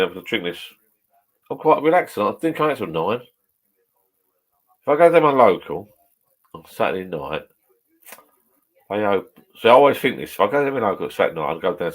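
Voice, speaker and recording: Middle-aged man, very low voice, rambling live chat, swears a lot. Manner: swears freely, rambling and chatty. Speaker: vlogger chatting with live viewers. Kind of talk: casual live-stream chat. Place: home garden bar shed.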